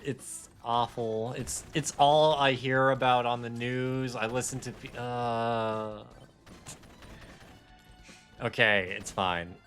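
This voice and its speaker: A young man with a bright, forceful voice goes off on a rambling, heated tangent during a live gaming stream, swearing and poking fun at himself. Faint game music plays underneath his talk. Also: medium pitch, fairly even intonation, slow. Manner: heated, rambling rant with swearing and self-mocking laughs.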